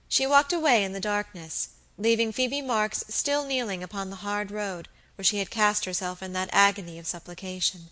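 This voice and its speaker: Bright-voiced woman audiobook narrator. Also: medium pitch, normal speed, few pauses, poor audio. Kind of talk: scripted narration.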